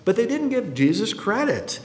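Male pastor, lively sermon delivery, acts out quotes, fairly high voice, roomy echoing hall. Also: moderate pace.

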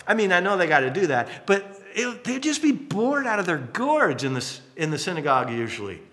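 A man preaching a conversational sermon with a bright, ringing voice that sits a little higher than most men's. He tells the story like a chat with his congregation and acts out the quotes. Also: a little fast. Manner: lively storytelling with acted-out quotes and asides. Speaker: pastor.

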